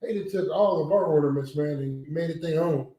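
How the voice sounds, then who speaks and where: A man's voice: fairly high pitch, fairly quick, mellow. A man with a Southern US accent leading a religious class discussion, emphatic and preachy, with casual slang. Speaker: class teacher. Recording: echoey room.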